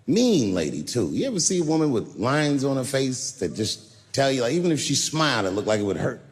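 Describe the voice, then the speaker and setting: A male comedian doing a stand-up set, telling profane stories that swing from shouts to low mutters. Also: big pitch swings, fairly quick, big-room sound, a little hiss or hum.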